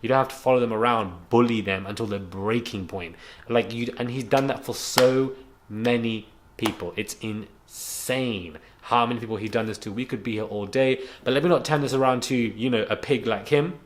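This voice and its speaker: A man's voice: medium pitch, moderate pace, background noise. A young man ranting to camera at home, frank and indignant, rambling with restarts and a self-described stutter. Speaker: YouTube commentator. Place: home on a rainy day.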